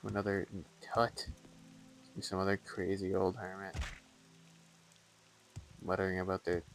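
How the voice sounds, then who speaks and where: A man with a gravelly, fry-edged voice chats casually as he plays a game on a live stream. He mutters playful reactions to himself, and faint game music runs underneath. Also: low-pitched, monotone, unhurried, rough recording. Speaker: streamer playing a video game. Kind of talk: casual live gameplay commentary.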